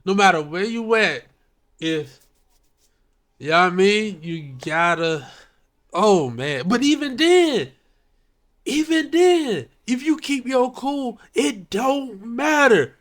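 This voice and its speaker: Slow-talking laid-back man, lively pitch. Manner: slow laid-back reactions, drawn-out slang. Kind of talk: casual chat.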